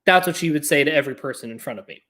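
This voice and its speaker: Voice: medium pitch, racing. A podcast host talking casually in a loose, filler-heavy way, telling stories and dropping the odd swear word. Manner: chatty, filler-heavy, animated storytelling with frequent "like"; blunt, occasionally swears.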